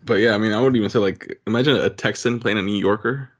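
A man's voice: lowish voice, fast talker, muffled recording. A man in casual podcast chat, easygoing and joking.

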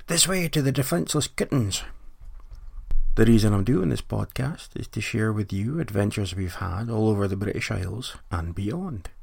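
A man's voice: fairly low pitch, gravelly, darkish tone, dry recording. A Scottish man hosting a podcast, delivering a mock-serious comic monologue with dry joking asides. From Scotland. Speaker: podcast host.

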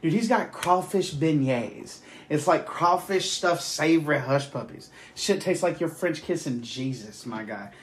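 A man's voice: on the high side, expressive, measured pace, hardly any pauses. A man, hosting a podcast, telling long profane stories in casual chat. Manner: profane, rambling storyteller. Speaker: podcast host.

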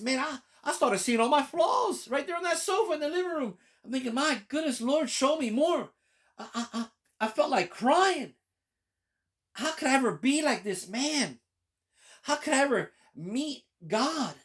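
A man's voice: very high voice, a bit bright. Fervent pastor man preaching testimony. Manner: fervent, emphatic, repeats key phrases. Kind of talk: personal testimony sermon reading scripture.

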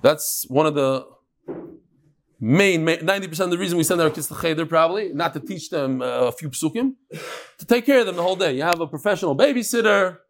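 A man's voice: fairly high pitch, lively intonation, fast talker. A man, teaching a Talmud class and telling stories with Hebrew and Yiddish terms.

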